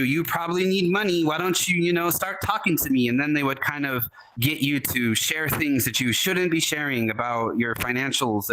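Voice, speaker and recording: A man's voice: medium pitch, a bit bright, slight background noise, low-quality recording. A man speaking casually on a convention panel about internet security, emphatic and rambling, with frequent restarts.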